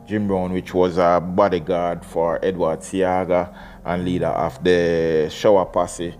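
Deep-voiced man musing aloud. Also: little pitch movement, measured pace, a little mellow. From Jamaica. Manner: rambling, many repeated words and restarts. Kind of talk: casual talk mixed with reading aloud.

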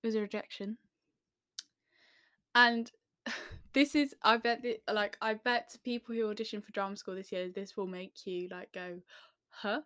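A young woman from the English Midlands telling a story to camera in a chatty, self-deprecating way, with quick asides. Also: medium pitch, fairly even intonation, bright, forceful tone, clear, resonant tone, no echo, studio quality. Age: young adult.

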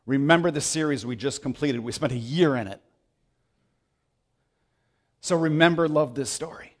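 A man's voice: a little high, normal speed. A man preaching a sermon as pastor, emphatic and repeating phrases for stress.

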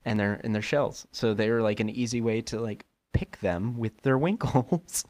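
A man's voice: lowish voice, moderate pace, darkish tone. A young man co-hosting a casual podcast, laid-back, reading aloud with stops and swearing. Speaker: podcast co-host. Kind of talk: casual chat.

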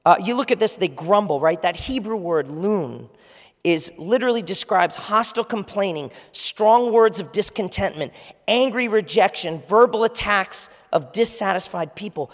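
A man's voice: sits high, expressive, moderate pace. A man preaching a conversational sermon as pastor, asking the audience questions. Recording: long reverb of a large hall.

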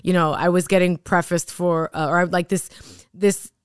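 Animated, smooth-voiced woman teacher telling stories. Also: on the low side, moderate pace, no echo, studio quality. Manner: animated storyteller who acts out quotes. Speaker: teacher and podcast co-host. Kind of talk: casual podcast conversation.

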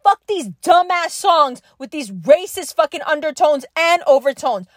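A woman's voice: high-pitched, animated, measured pace, no echo, studio quality. A young adult woman delivering an angry, impassioned podcast monologue, emphatic and profane, hammering her points through repetition. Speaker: podcast host.

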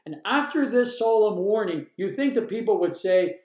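A man's voice: high voice, animated, normal speed, hardly any pauses, darkish tone. A man preaching a sermon and reading scripture aloud, earnest and emphatic. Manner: earnest, emphatic, varies pace while reading. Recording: echoey room.

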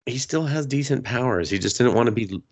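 A man's voice: expressive, fast. Man retelling an anime with silly voices. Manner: crude, joking, acts out characters in high silly voices. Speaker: podcast co-host. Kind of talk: casual anime review chat.

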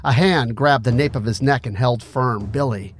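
A man reading a story aloud in steady, dramatic audiobook narration. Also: mid-range voice, moderate pace, slight background noise.

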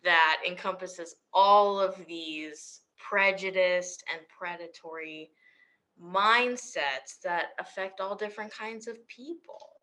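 Young woman, podcast co-host, giggly, self-deprecating, bright tone, slow delivery. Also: on the low side. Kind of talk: casual chat.

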